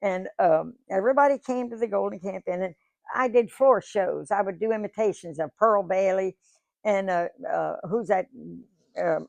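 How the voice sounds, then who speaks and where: Here the same kind of speaker, a woman in her 90s who sings and is appearing as a guest, recounts stories at a museum lecture room in a homey, talkative style full of restarts and repeated words. Her medium-pitched voice is creaky and darkish, moving at normal speed with no room sound.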